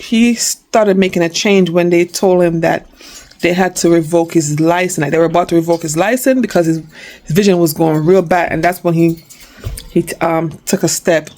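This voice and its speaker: Chatty middle-aged New York woman vlogging. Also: lowish voice. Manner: animated, chatty, acts out quoted talk. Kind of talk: casual storytelling vlog.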